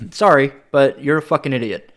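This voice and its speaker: A young American man co-hosting a podcast, ranting in casual chat with heavy swearing and sudden animated outbursts. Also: medium pitch, normal speed, a little hiss or hum. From United States. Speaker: podcast co-host.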